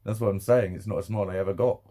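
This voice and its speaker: A man's voice: fairly low pitch, fairly even intonation, racing, warm tone. A man rambling emotionally in a personal vlog, laughing often and swearing a lot. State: emotional, near tears. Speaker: vlogger.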